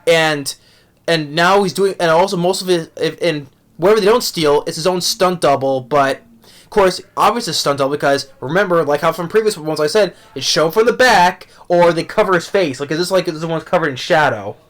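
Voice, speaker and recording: A man's voice: a little high, a little fast, fairly bright tone. A young man giving a rambling, exasperated movie review rant at home, tripping over his words and restarting often.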